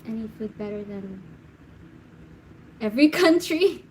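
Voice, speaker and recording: Woman, fairly high voice, casual livestream chat, giggly, reads comments out, faint background hiss. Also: lively intonation, a little slow. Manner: chatty, reads viewer comments aloud and laughs often. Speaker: tarot reader hosting a live Q&A.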